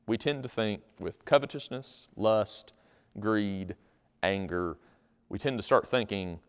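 A male pastor preaching in a folksy, conversational tone. His voice swings widely in pitch. The long reverb of a big church hall trails every line. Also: expressive, normal speed, clear, resonant tone. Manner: folksy, conversational, acts out little scenes. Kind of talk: sermon.

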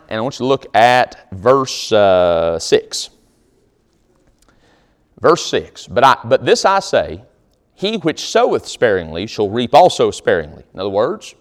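A male pastor delivers a sermon in a loose, conversational way. His pitch rises and falls a lot as he jokes with the congregation. He slips into reading scripture aloud between his remarks.

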